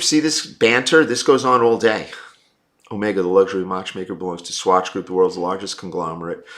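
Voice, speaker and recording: A man's voice: on the low side, fairly bright tone. A man hosting a livestream, reading viewer comments and giving blunt, opinionated takes. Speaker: livestream host.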